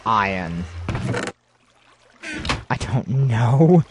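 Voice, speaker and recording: A man giving rambling gameplay commentary, talking to himself with excitable outbursts. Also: medium pitch, a little slow, long pauses, slight background noise. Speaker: let's play host.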